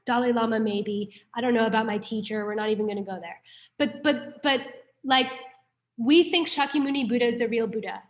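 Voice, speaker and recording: A young woman from New York City teaching a Buddhist class in a casual, chatty way, telling stories and peppering her talk with "like". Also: fairly high pitch. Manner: chatty, frequent "like", animated storytelling.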